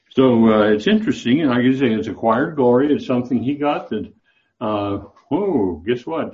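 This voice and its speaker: A man with a low voice leads a Bible class. He talks loosely, with many fillers and restarts, and the recording sounds dull and muffled. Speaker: Bible teacher.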